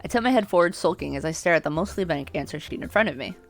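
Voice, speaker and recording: A young woman streamer reads a dating game aloud and keeps breaking in with brash, profane outbursts. Her voice sits fairly low, with faint game music underneath. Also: animated, rapid-fire.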